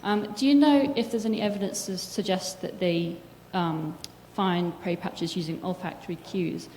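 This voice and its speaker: A woman's voice: lowish voice, moderate pace, mellow. Hesitant woman asking a question from the audience. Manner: hesitant, searching for words, many fillers. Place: lecture hall. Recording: echoey hall with faint noise.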